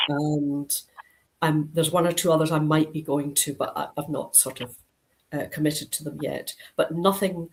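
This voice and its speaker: A middle-aged Scottish woman with a low voice talks over a video call. She rambles casually, full of ums and restarts, with a faint hiss behind her. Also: low-quality recording. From Scotland (Dundee). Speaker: crime author, guest.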